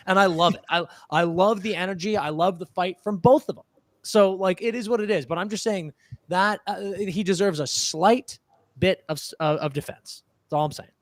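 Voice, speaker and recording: A man co-hosting a live sports podcast, talking in an animated, argumentative way and swearing freely. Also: high-pitched, moderate pace, no echo, clean studio sound. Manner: animated, swears freely, argues his point. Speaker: podcast co-host. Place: podcast studio.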